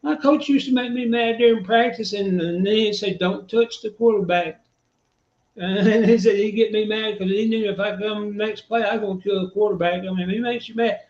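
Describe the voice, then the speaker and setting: A man's voice: high-pitched, steady tone, moderate pace, a little mellow. A man, ranting about football on a fan talk show, fired up and cursing. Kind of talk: heated sports fan talk. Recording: echoey, dull lo-fi.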